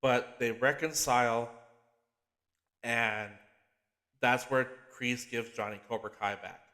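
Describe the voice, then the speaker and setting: A man hosting a podcast, recapping a TV series in an excitable, profane, animated way and often restarting his sentences. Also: medium pitch, takes it slowly. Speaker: podcast host.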